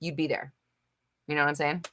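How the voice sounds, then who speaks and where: Deep-voiced and brisk, with a fairly bright tone but flat delivery, a young adult woman runs a live manifestation Q&A. She reads out viewer comments and responds in an emphatic, blunt way, swearing casually and using lots of fillers.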